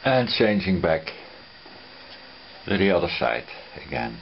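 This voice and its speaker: A very deep-voiced man narrates his guitar-building work at an unhurried pace. He speaks plainly, with dry humor. The voice-over sounds a little dull and lo-fi, with faint noise behind it. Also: very animated, creaky, roomy sound. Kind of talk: casual narration of a workshop build.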